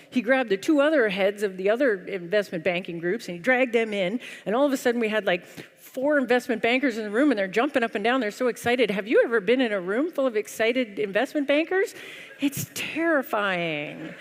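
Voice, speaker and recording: A woman giving a humorous keynote talk on stage, telling a story in a lively, wry, self-deprecating way. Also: on the high side, fairly quick. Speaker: conference speaker. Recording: long hall reverb.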